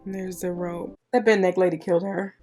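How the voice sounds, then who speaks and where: A woman's voice: lowish voice, little pitch movement, brisk, mellow, soft background music. A woman hosting a reaction video, talking casually in an emotional, exclamatory way with plenty of slang.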